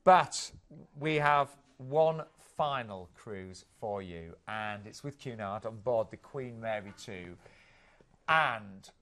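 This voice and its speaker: A man co-hosting a cruise sales show, lively and reading out offers. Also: fairly low pitch, slow pace. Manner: lively, laughs easily, reads out deals. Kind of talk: sales presentation.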